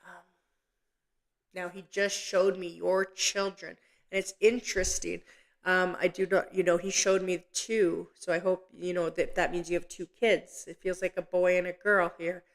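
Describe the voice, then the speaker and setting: A woman hosting a live psychic medium session, talking gently and haltingly with many pauses and restarts. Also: fairly low pitch, little pitch movement. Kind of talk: live online reading.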